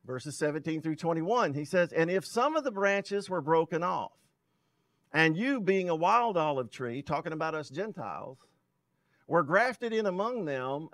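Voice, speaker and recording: A male pastor preaching a sermon, reading scripture aloud and explaining it with emphatic swells in loudness. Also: fairly high pitch, no room sound. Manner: loudness rising and falling sharply for emphasis.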